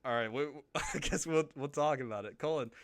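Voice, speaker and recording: A man's voice: on the high side, a little fast. A man hosting a casual voice-chat stream, teasing his guests, stammering and laughing often. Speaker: streamer host.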